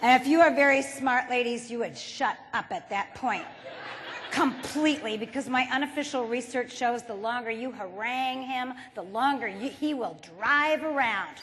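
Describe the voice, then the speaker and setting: Woman keynote speaker, high unhurried delivery, comic storytelling, echo of a big hall. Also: fairly bright tone. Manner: playful storytelling, acts out quotes. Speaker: motivational speaker. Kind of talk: humorous keynote talk. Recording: reverberant hall.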